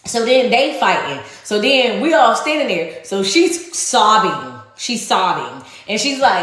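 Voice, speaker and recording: A woman telling a personal story in a casual storytime, animated and profane, laughing as she goes, recorded in an echoey room. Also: fairly high pitch, unhurried, hardly any pauses.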